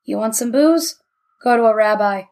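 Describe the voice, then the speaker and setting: A woman's voice: on the high side, moderate pace, a little mellow, close to an everyday voice. A woman voicing a blunt, wisecracking old man in a read-aloud story. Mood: wry.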